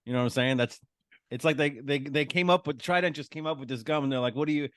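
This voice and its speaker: A man's voice: medium pitch, fast talker, fairly bright tone, no room sound. Man, comedian, casual chat, tells jokes as stories, dry close sound. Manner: storytelling, acts out voices for jokes. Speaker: guest comedian.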